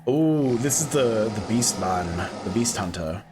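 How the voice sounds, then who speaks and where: Chatty guy streaming a game, bouncy expressive voice, reacts to everything, little music behind. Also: medium pitch, unhurried. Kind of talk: casual gameplay commentary.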